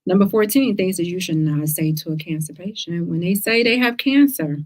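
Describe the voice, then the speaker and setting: A woman's voice: lowish voice, moderate pace. A woman from the United States hosting a cancer survivor talk show, speaking casually and directly to her viewers. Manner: lively, direct, speaks to listeners as girl and y'all.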